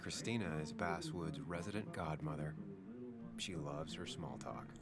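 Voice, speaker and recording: Jaded returning journalist: low, dry, guarded, wry. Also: male voice, measured pace, loud music behind the voice.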